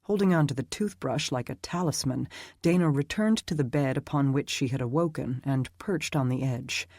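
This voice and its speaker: A man narrating a dark fantasy audiobook in a measured, slow dramatic reading. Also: mid-range voice, no room sound, clean studio sound. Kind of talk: scripted narration.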